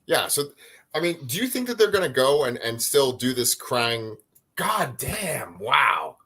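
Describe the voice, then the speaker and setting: Bright-voiced man chatting on a video call. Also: mid-range voice, normal speed. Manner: animated, swears casually, tries silly voices. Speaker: co-host of a live review show. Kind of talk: casual chat. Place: home bedroom.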